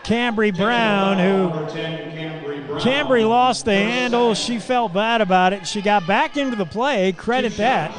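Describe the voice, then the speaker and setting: A play-by-play announcer calls a high school girls basketball game live on local radio, his quick, excitable delivery jumping to shouts on big plays. He tosses folksy asides to listeners, and crowd noise fills the background.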